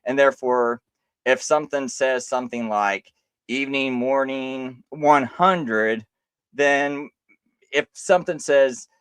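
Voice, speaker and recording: A man hosting a live stream, talking casually and insistently, with halting restarts as he argues a point. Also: mid-range voice, fairly bright tone, clean tone, dry recording, studio quality.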